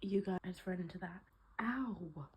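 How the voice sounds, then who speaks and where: A young woman chatting casually to camera in a rambling, animated way, full of "like" fillers. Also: fairly low pitch, slow, very noisy. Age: young adult. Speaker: vlogger.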